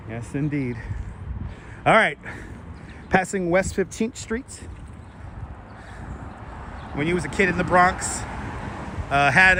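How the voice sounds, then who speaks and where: On city streets, a livestream host with a bright, fairly high, forceful voice chats with viewers as he walks and thanks them for donations. He uses a wireless clip-on mic and a phone on a gimbal, with a little hiss or hum audible.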